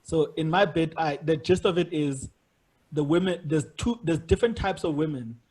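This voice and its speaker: Husky high-voiced male podcast host. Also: moderate pace, a little mellow. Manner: storytelling with many restarts and repeated words. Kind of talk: casual interview chat.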